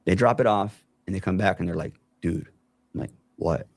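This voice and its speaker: A man's voice: low voice, normal speed, creaky, no room sound. A man casually telling a long personal story, acting out what other people said along the way. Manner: animated retelling, acts out other people's lines. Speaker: guest telling his story.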